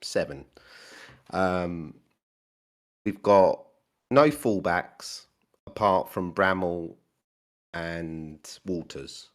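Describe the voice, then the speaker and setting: English man, deep voice, calm pragmatic caller, voice chat. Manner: measured, pragmatic, listing players. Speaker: caller, football fan. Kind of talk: casual call-in football chat.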